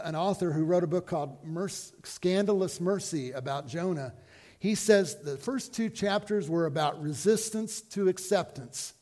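A man's voice: sits high, a little mellow, long reverb tail. A man preaching a sermon as pastor, in a folksy, conversational way with rhetorical questions to the congregation.

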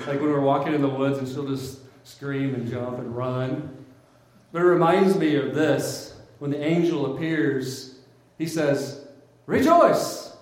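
A male pastor preaching a sermon in a conversational, animated way in a church. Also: medium pitch. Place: church sanctuary. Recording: very echoey hall.

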